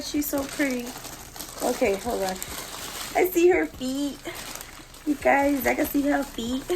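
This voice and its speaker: A young woman with a high voice chats casually through an unboxing vlog. She talks at an unhurried pace and gushes, repeating her excited exclamations. Her tone stays easy and homemade. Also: vocal fry, background noise. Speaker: doll collector vlogger.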